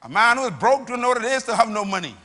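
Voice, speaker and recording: A man preaching a sermon to a live congregation, rousing them into call-and-response with bursts of shouting, recorded in a large church hall. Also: extremely high pitch, lively intonation, racing. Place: church or auditorium. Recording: long reverb of a large hall.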